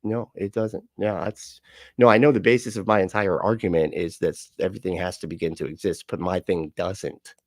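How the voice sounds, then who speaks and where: Man, livestream host, low voice, dry close sound, sarcastic, laughs a lot, swears freely. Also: fairly even intonation, fairly quick, dry recording. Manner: loose, rambling, swears freely. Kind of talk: casual livestream commentary.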